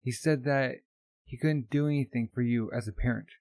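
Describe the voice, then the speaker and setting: A man voicing a gruff, matter-of-fact old grandmother mechanic. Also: medium pitch, moderate pace, a little mellow, dry recording, close to an everyday voice.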